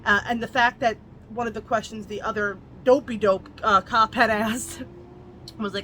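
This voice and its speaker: A woman recaps a novel in a casual, chatty review, peppering it with "like" and blunt asides. Her voice sits a little high and has a bright, keen edge. A faint hiss runs under it. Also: fairly even intonation, moderate pace, poor audio. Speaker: book reviewer.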